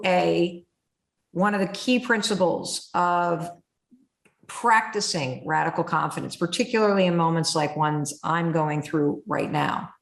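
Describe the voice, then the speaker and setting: A woman podcast host speaking candidly, an animated storyteller who acts out her own inner voice. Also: on the low side, gravelly, echoey room. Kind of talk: candid conversation.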